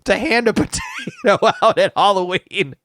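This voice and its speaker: A man's voice: high voice, wildly swooping pitch, normal speed, fairly bright tone, slight background noise. A man co-hosting a casual podcast, swearing a lot with exasperated outbursts and frequent laughter. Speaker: podcast co-host.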